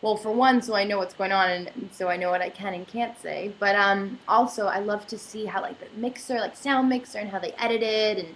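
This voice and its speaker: A young woman with a Canadian accent chats casually on a livestream. She talks in a lively, teasing way at a mid pitch. Faint noise sits behind her voice. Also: a little fast, few pauses, low-quality recording. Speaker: actress answering fan questions.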